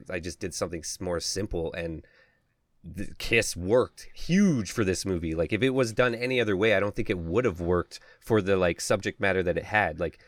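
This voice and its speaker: A man co-hosting a casual podcast, rambling and animated as he retells scenes with lots of fillers. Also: deep voice, no room sound. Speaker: podcast co-host. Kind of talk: casual chat.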